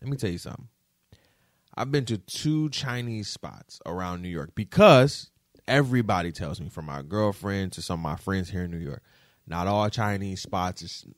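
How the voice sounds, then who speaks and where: Animated man telling a story. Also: sits low, normal speed, no echo, clean studio sound. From Detroit. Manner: animated, profane, keeps checking in with the audience. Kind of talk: casual storytelling to camera.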